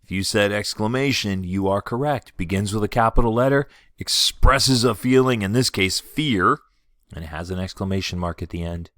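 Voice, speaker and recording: This male teacher addresses third graders through a video lesson, patient and clear in his explanations while he reads sample sentences slowly and expressively. The voice is lowish with a fairly bright tone, and the studio-quality recording carries no echo.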